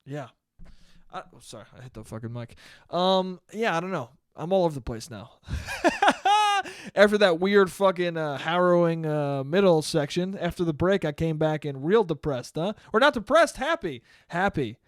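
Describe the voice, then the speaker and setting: Studio-quality audio with no room sound captures a young man's highish voice at a moderate pace. On his solo podcast he talks casually, rambling, using profanity, interrupting himself, and laughing a lot.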